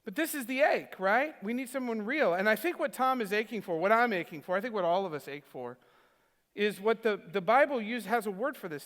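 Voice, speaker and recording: A man's voice: sits high, animated, brisk, a bit bright. A male pastor preaching a sermon in a chatty, self-deprecating storytelling way, often restarting his sentences. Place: church sanctuary. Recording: reverberant church hall.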